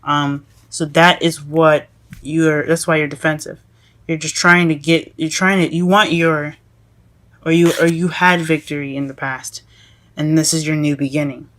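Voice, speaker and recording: A woman giving a casual tarot reading to her viewers, halting and self-correcting as she goes, often calling them "guys". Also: low-pitched, flat delivery, fairly bright tone. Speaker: tarot reader.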